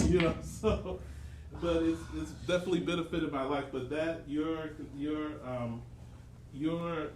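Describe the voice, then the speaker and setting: Halting man chuckling through a story. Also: a little high. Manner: halting, chuckling often, many fillers. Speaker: church executive director, adult son. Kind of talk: casual family chat. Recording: roomy, distant mic with faint noise.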